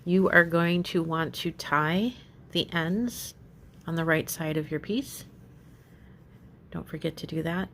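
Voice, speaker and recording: A woman's voice: sits low, slow, pauses often, fairly bright tone, slight background noise. A woman teaching a crochet pattern step by step, giving patient, repetitive instructions with frequent fillers. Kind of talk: step-by-step craft tutorial.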